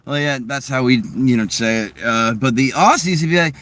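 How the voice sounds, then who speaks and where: A young man with a Boston-area New England accent talks to his live viewers in a loose, rambling way, full of restarts. His voice sits at an ordinary middle pitch. The sound is dry and close, with no room echo. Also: fairly quick, hardly any pauses, fairly bright tone. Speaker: streamer chatting with viewers. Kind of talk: casual live chat. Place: in a car.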